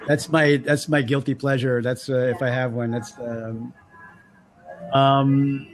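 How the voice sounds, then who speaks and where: A man's voice: mid-range voice, slow pace. A man as an interview guest, chatting casually and acting out the voices of people in his stories. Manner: animated storyteller acting out voices.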